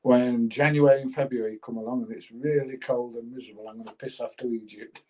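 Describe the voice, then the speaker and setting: A man's voice: medium pitch, fairly even intonation, quick pace, a little mellow, poor audio. An older man casually chatting on a livestream, reading out viewer comments and laughing as he goes. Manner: chatty, laughs often, plain-spoken. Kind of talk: casual chat.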